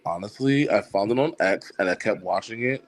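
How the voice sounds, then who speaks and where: A man joining a casual podcast as a panelist, relaxed and chatty. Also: on the low side, a little fast.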